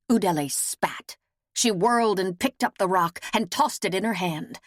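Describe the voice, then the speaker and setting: A woman narrating an audiobook in a slow, even storytelling manner. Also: medium pitch, no room sound, studio quality. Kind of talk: scripted narration.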